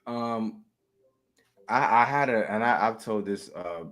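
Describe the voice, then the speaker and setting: A man, an actor, talking casually in an interview, with relaxed, halting speech full of restarts and easy laughter. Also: on the low side. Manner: relaxed, many restarts and repeated words, laughs often. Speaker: actor and guest.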